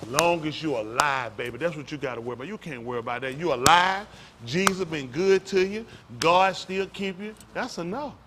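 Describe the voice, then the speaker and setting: A male pastor preaching loudly and quizzing his congregation, asking questions and calling on listeners. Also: on the high side, brisk, noisy background. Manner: loud, rhetorical, questions the congregation. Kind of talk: sermon with audience back-and-forth. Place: congregation hall.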